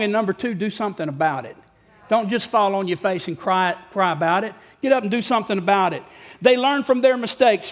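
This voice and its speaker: A middle-aged male pastor preaching a sermon to a congregation in a church. He is folksy and humorous and rises to shouts for emphasis. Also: very high-pitched. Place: church sanctuary before a congregation.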